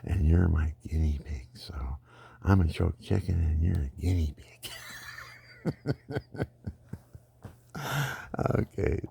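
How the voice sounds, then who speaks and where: A man's voice: a bass voice, fairly even intonation, moderate pace, vocal fry, mellow, slight background noise. An older man telling rambling personal stories in a digressive way, often laughing at his own anecdotes.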